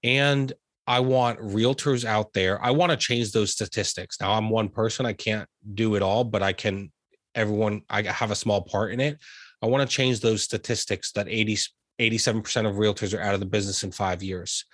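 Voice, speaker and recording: A man's voice: fairly low pitch, steady tone, normal speed, fairly bright tone, no echo, clean studio sound. A young man from the USA, a realtor guest talking earnestly in an interview and getting emotional about family. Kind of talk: heartfelt interview conversation.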